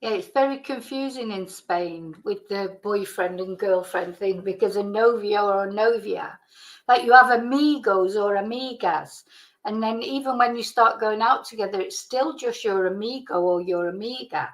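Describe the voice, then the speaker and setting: A woman in casual chat, explaining with relaxed asides while her voice is going hoarse. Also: medium pitch, normal speed, poor audio.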